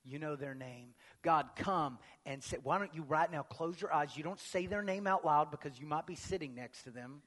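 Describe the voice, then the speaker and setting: A man's voice: moderate pace, hardly any pauses. Dynamic male pastor preaching in a reverberant hall. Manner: swings from booming emphatic proclamation to hushed near-whispers. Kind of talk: sermon. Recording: long reverb of a large hall.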